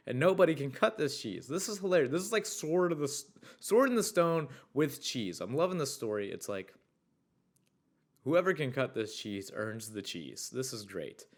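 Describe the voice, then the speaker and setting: A young man hosting a podcast in a casual, chatty way, reading listener stories aloud and riffing on them with excitable, swear-laden enthusiasm. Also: medium pitch, moderate pace. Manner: excitable, swears freely, riffs loudly on stories. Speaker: podcast host.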